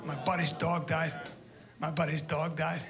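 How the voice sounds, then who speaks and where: A male stand-up comedian telling an animated story on stage, laughing through his lines. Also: a little high, unhurried. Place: comedy stage before a live audience. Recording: live club recording with loud crowd and music. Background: audience laughter and applause.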